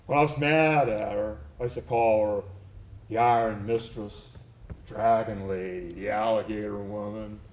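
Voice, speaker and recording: A man's voice: lowish voice, fairly even intonation, moderate pace, a little mellow. A man performing a theatrical one-man monologue on stage, telling his story in a reflective, tender and wry way. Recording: echoey live theater recording.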